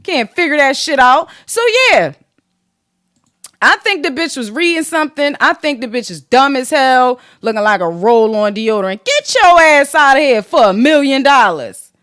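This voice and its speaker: Sassy high-voiced woman podcast host. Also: moderate pace, no room sound, studio quality. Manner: sassy, profane, animated gossip. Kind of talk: casual commentary podcast.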